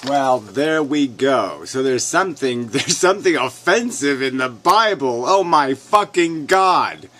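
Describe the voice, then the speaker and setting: A man's voice: mid-range voice, expressive, a little slow, hardly any pauses, sharp tone. A man ranting in a sarcastic, mocking tone, swearing often and chuckling as he reacts to a clip. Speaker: commentator. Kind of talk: profane rant reacting to a clip.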